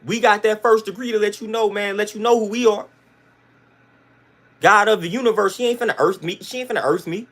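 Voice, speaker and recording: Addressing his chat in a livestream rant, the host is emphatic and blunt, slang-heavy, and keeps repeating what he's said. His voice is high and fairly bright, moving at a slightly fast clip.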